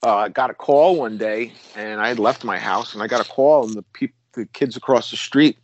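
Middle-aged male ex-cop, guest storyteller, rambling delivery, mid-pitched voice, dry close sound. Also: normal speed, no echo, lo-fi sound. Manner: rambling, with restarts and self-corrections. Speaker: guest, former police officer. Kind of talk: casual storytelling conversation.

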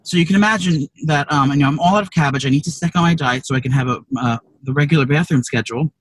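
On a low-quality recording made in a car, a podcast co-host tells a wandering, profane story in casual chat, constantly restarting. His voice runs on the high side, quick and fairly bright.

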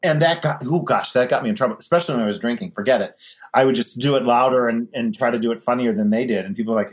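A chatty man talking as a guest in a relaxed interview. He tells stories with energy and now and then imitates other people. His voice sits at an ordinary pitch. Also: racing. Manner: chatty, animated storyteller, mimics voices in anecdotes. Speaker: guest, drag performer. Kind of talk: casual interview chat.

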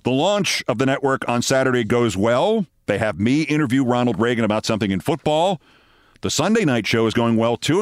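A man in his sixties hosts a podcast, delivering a long personal story as a monologue in a mid-range voice with no room sound. His tone is wry and dry, and he acts out the lines he quotes.

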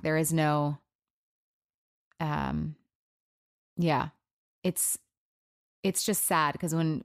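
A woman hosting her own podcast alone, speaking in an emotional, subdued way, halting, with many fillers and restarts. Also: deep voice, dry recording, studio quality. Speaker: podcast host. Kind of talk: personal solo podcast talk.

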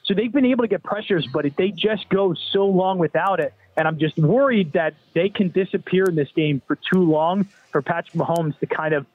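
A man's voice: high voice, fairly quick, hardly any pauses, no echo. A man with a Philadelphia accent breaking down a football matchup as a guest analyst, thinking aloud with some filler words. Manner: thoughtful, hedging with filler words. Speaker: radio show host as guest. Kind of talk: sports betting analysis. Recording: dry tinny phone line.

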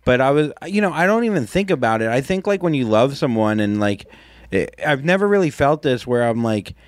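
A man's voice: mid-range voice, big pitch swings, a little fast, no echo, studio quality. A young man co-hosting a podcast, talking in an earnest, rambling way with restarts and casual swearing. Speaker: podcast co-host.

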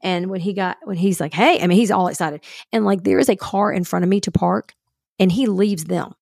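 Speaking a little fast in a creaky, mid-range voice, a woman co-hosting a podcast relates a story in casual chat and animatedly voices the other people's lines. The recording is dry and studio quality.

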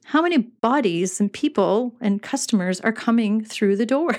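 A woman's voice: medium pitch, a little slow, a little mellow. A middle-aged woman hosting a podcast, talking in a chatty, earnest way about running a shop, with many fillers and frequent laughs. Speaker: podcast host and retail business coach. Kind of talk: casual podcast monologue.

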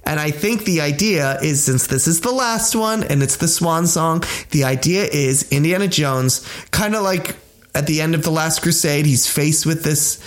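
Young male podcast co-host, animated, slightly high voice, riffing and joking. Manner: animated, acts out silly phone-call bits in put-on voices. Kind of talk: casual chat.

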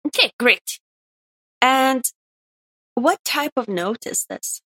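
A woman's voice: high-pitched, animated, slow, sharp tone, poor audio. A woman co-hosting a casual game lore podcast, playfully quizzing her partner. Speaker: podcast co-host.

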